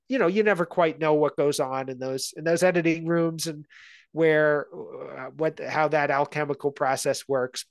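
A man's voice: mid-range voice, dry recording. A man talking at length in a casual interview as a guest film analyst, thoughtful and a little rambling. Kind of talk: casual conversation.

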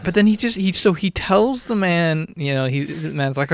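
Male podcast co-host, slightly high, smooth voice, dry close sound, casual film chat. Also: expressive, moderate pace, no room sound. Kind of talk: casual movie review chat.

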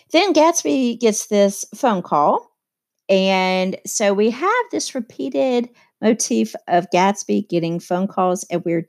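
A woman's voice: fairly low pitch, darkish tone. A woman teacher explaining a novel in a casual, conversational way, with many fillers and asides. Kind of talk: casual literature lesson.

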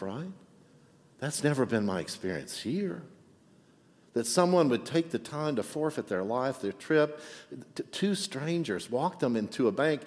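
A man's voice: mid-range voice, a little mellow, in a large hall. A man preaching a sermon as pastor, telling a story in a chatty way and often asking for an amen. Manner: chatty, asks for amens and "right?".

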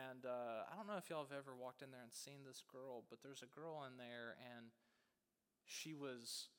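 A man preaching, telling a story in a casual, animated way with many fillers. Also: on the high side, big-room sound. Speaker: pastor.

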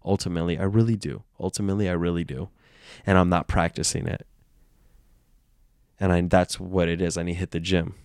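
A man's voice: sits low, fairly even intonation, brisk, pauses often, darkish tone, clear, resonant tone, dry recording, clean studio sound. A man hosting a solo podcast, talking in a playful, meandering stream of consciousness from his bed at home. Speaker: podcast host. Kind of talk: rambling solo podcast monologue.

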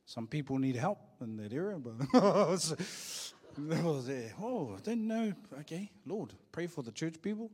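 Middle-aged New Zealand pastor, playful church preacher, slightly high-pitched, call-and-response delivery. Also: male voice, big pitch swings, unhurried, few pauses, darkish tone, breathy edge. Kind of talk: sermon.

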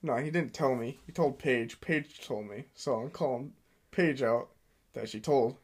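A man's voice: medium pitch, unhurried. Nasal, easygoing young man. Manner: easygoing, laughs often. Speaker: podcast co-host. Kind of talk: casual chat.

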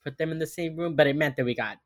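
A woman's voice: low voice, very fast, no room sound, studio quality. A woman co-hosting a casual podcast, retelling a TV episode and acting out characters' lines as she goes. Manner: animated, acts out characters' lines while retelling. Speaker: podcast co-host recapping a TV episode. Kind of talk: casual chat.

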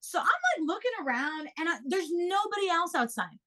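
A young woman co-host telling a story in casual chat, animated and swearing freely as she acts out quotes. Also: very high-pitched, normal speed.

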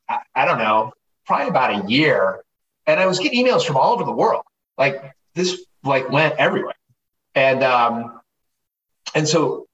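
Casual wine guest, man, animated storyteller, higher voice, echoey room, off-mic. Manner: animated, profane, acts out quoted voices. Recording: roomy, distant mic, faint noise.

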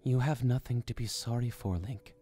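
A man voicing a gentle, sorrowful young princess in an audiobook, speaking softly but firmly. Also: mid-range voice, moderate pace, pitched above the performer's own voice, natural voice. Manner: soft, gentle and firm by turns. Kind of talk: audiobook character voice.

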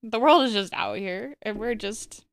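A woman's voice: mid-range voice, expressive, moderate pace, no echo. A woman co-hosting a podcast in casual chat, jokey and sarcastic with frequent giggles. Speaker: podcast co-host.

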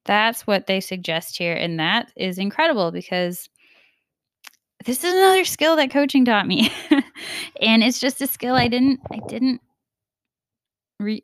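A podcast host delivers a casual, reflective monologue in an earnest, confiding tone, acting out the voices she quotes. Her medium-pitched voice is fairly bright and clean, and the recording is dry, with clean studio sound.

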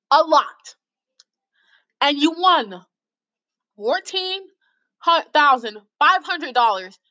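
A woman hosts a casual video, reading stories aloud and mocking them in an exasperated tone. Her voice sits high and swings widely in pitch. It has a bright edge. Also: poor audio. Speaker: host reading out lawsuit stories.

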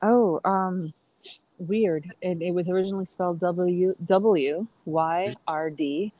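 A woman's voice: on the low side, slow pace, mellow, poor audio. A middle-aged woman chatting as a podcast guest, rambling through stories with fillers and restarts. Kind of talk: casual podcast conversation.

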